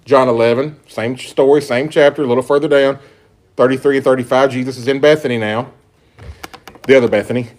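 A pastor preaching an earnest sermon, reading scripture aloud with emphatic stresses. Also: male voice, medium pitch, steady tone, a little fast, a little mellow.

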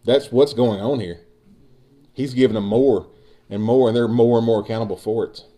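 A man's voice: mid-range voice, steady tone, moderate pace, dark tone. A man preaching a sermon, building emphasis and speaking directly to his congregation. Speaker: pastor.

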